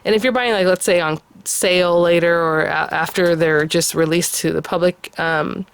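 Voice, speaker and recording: A woman's voice: fairly low pitch, fairly even intonation, moderate pace, smooth. A woman in her thirties hosting a craft channel, casually unboxing a kit in a chatty, gushing way with many fillers.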